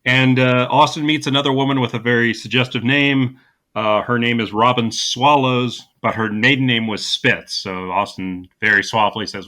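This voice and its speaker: A man's voice: mid-range voice, fairly even intonation, normal speed, pushed and bright. A man co-hosting a podcast, recapping a movie in casual chat with dry sarcastic jokes and many ums and restarts. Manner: dry sarcastic humor with frequent fillers and restarts. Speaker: podcast co-host.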